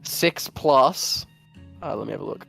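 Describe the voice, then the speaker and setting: Slow, gravelly man at a game table. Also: medium pitch, expressive, sharp tone, faint music behind. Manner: hesitant, slow, fumbling for words. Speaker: player. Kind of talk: casual tabletop play.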